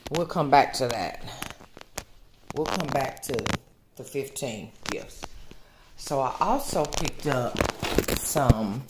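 A woman's voice: very deep voice, lively intonation, takes it slowly, pauses often, very noisy. A woman, chatting casually to her viewers at home, rambling and a little out of breath. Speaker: vlogger. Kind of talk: casual chat to camera. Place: home, at a table.

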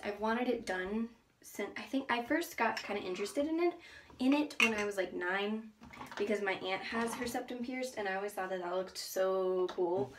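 Teen girl vlogging at home, nervous and chatty, lots of ums, faint hiss behind. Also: medium pitch. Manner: nervous, chatty, many fillers. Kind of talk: casual vlog talk to camera.

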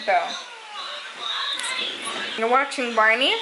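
A young woman from New York City chats candidly to camera in a casual, handheld vlog with loud background noise. Her voice is fairly high and unhurried, with lively intonation.

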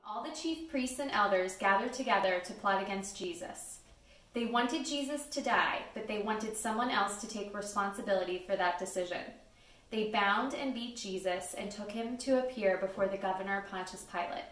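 A woman's voice: medium pitch, normal speed, fairly bright tone. A woman reading a story carefully aloud as a narrator in a church pageant. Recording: echoey church, distant mic.

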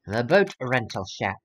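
A young man casually narrating gameplay, rambling and correcting himself as he goes. His pitch swings about a lot, animated and expressive, with faint hiss in the background. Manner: rambling, self-correcting, grumbly asides. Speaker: let's play host.

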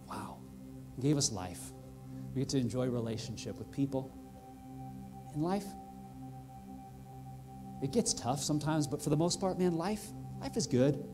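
A male pastor preaching a sermon in a church, earnest and heartfelt, building to excited emphasis. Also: medium pitch, normal speed, pauses often, music in the background. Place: church sanctuary.

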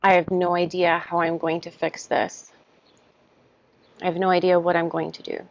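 A woman guides a tapping exercise and works through short first-person statements one after another in an even rhythm. Her voice sits low and has a gravelly fry. The recording is dry and sounds a little dull. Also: moderate pace, no echo. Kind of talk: guided tapping, spoken affirmations.

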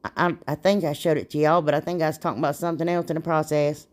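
A woman's voice: low voice, fairly even intonation, quick pace, darkish tone. A woman, chatting casually and rambling a little as she narrates a DIY craft video. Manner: chatty, rambling, laughs at herself.

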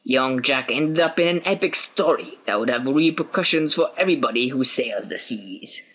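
A man's voice: medium pitch, expressive, normal speed, bright, forceful tone. A man voicing an old male sailor who tells a story in a dramatic storyteller's manner. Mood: storytelling.

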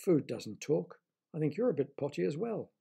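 A man's voice: a little high, sing-song, moderate pace, vocal fry, dark tone, husky, exaggerated voice. A man voicing a sceptical, blunt young boy in a children's story.

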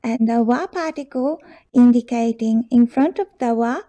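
Japanese-accented woman teaching a beginner lesson, slightly high voice, dry close sound, says everything twice. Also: warm tone, dry recording. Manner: slow and careful, repeating each phrase for learners. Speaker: language teacher.

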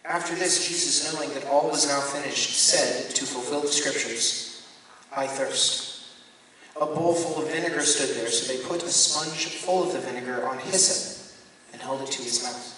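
Bright-voiced priest reading scripture, echoey hall. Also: male voice, medium pitch. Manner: measured, deliberate reading with occasional self-corrections. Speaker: Catholic priest leading a Bible study. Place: parish hall or church room. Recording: echoey hall, voice from far off, faint room noise.

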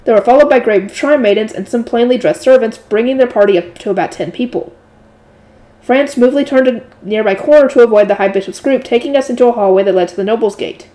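A woman reading a light novel aloud in a steady narrating voice, adding her own asides. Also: fairly high pitch, quick pace. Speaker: audiobook reader.

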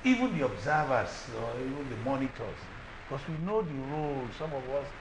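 A man's voice: mid-range voice, sing-song, brisk. A man with a Nigerian accent, a guest on a TV panel, who talks hesitantly with many fillers. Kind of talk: TV panel discussion. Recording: echoey studio with hiss.

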